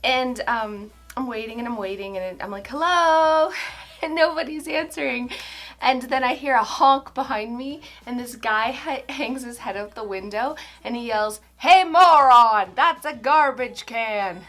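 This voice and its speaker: A woman's voice: a little high, moderate pace, a bit bright. A woman, telling funny stories to camera in a chatty, self-deprecating way. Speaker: home organizing vlogger. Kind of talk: casual storytelling to camera. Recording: roomy echoey indoor sound.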